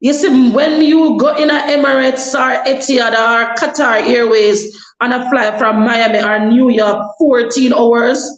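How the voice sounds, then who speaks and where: A woman's voice: fairly high pitch, steady tone, measured pace, hardly any pauses, muffled recording. Chatty Jamaican woman in echoey room. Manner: chatty, advising, slips into patois. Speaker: vlogger. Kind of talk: casual advice vlog.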